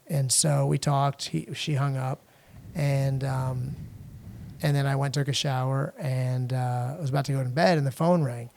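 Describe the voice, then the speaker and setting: A middle-aged man from the United States, a podcast guest telling a personal story in a halting way, with frequent restarts and fillers. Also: mid-range voice, steady tone, vocal fry, darkish tone, slight background noise. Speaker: podcast guest, international lawyer.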